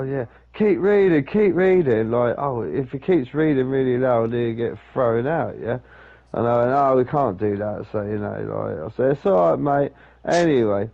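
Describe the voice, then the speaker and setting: A young man telling a rambling story in casual chat, swearing often. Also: mid-range voice. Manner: swears a lot, rambles with restarts. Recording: dull lo-fi sound.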